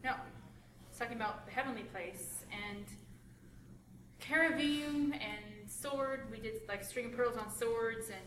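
A woman talks through a scripture passage at a group study, eager and explanatory, now and then catching and correcting herself. She sits some way from the mic in a roomy, echoing space. A steady hiss of noise runs underneath her voice. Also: on the high side, unhurried, recorded from a distance. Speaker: Bible study participant. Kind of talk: group discussion.

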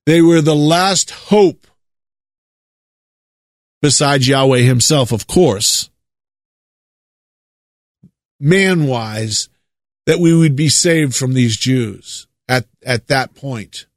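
A man from the United States preaching a monologue, leaning hard on drawn-out stresses and repeating words for effect. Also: mid-range voice, no echo, studio quality.

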